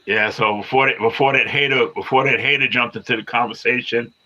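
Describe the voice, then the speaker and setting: Bright-voiced man in his fifties, live-streaming. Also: medium pitch, fairly even intonation, fairly quick, dull audio. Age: 50s. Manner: repetitive, restarts phrases, argues back at commenters. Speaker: livestreamer. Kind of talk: casual live-stream chat with viewers.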